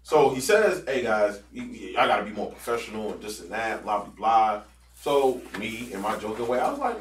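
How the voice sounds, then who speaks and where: A man's voice: fairly low pitch, sing-song, normal speed, a little hiss or hum. A man co-hosting a podcast, telling a workplace story in casual chat, swearing and acting out what people said. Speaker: podcast host. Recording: roomy sound from a distant mic.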